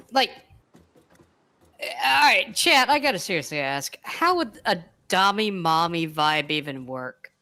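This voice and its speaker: A woman streamer chatting casually with a co-host and her chat, blunt and quick to swear. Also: lowish voice, very animated, pushed and bright. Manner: blunt, swears a lot, laughs often.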